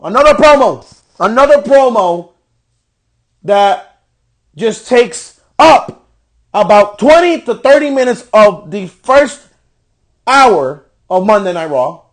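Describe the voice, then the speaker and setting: A young man hosting a podcast, ranting in frustration with heavy swearing as he reviews a wrestling show. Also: high-pitched. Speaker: podcast host.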